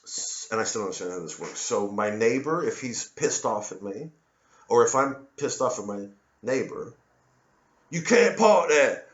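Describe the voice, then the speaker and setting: A man's voice: on the low side, normal speed. A male comedian delivering a rambling, sardonic satirical monologue full of digressions. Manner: sardonic, digressive, slips into voices. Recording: dull lo-fi audio.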